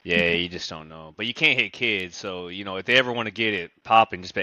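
A man's voice: low voice, a little fast, few pauses, no echo. A young man chatting casually and joking, dropping "bro" and "dude". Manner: animated, jokey, says bro and dude. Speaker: podcast co-host. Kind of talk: casual chat.

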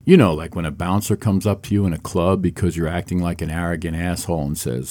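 A man's voice: low voice, fairly even intonation, fast, hardly any pauses, a little mellow. A man delivering a scripted opinion commentary in a sarcastic, mocking way.

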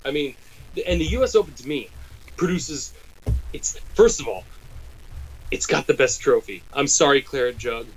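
An American man chatting on a podcast, animated and rambling, with quick asides and restarts. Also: medium pitch, slightly rough, low-quality recording. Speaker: podcast co-host. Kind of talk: casual chat.

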